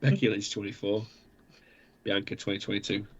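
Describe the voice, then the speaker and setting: A man's voice: on the low side, steady tone, normal speed, slightly rough. Male podcaster, sore throat, casual teasing tone, dull lo-fi audio. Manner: laughing, teasing, says "mate". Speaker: podcast co-host. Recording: dull lo-fi sound.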